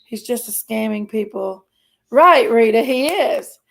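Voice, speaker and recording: A woman hosting a casual live stream from her couch at home, a little hoarse from allergies and talking in a rambling, chatty way. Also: on the high side, animated, measured pace, a bit bright, rough recording.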